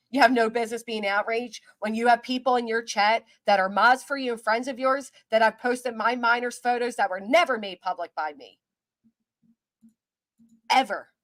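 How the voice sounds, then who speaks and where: This is a woman hosting a casual livestream chat. She talks in an indignant, ranting way. Her voice sits a little high, and the sound is dry and close. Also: normal speed, a bit bright, no room sound. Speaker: livestream host.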